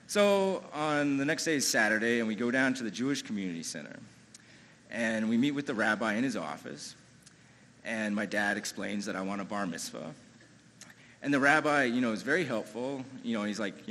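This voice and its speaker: A man telling a personal story live on stage, chatty and animated, with lots of "you know" and restarts. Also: mid-range voice, moderate pace, a little hiss or hum.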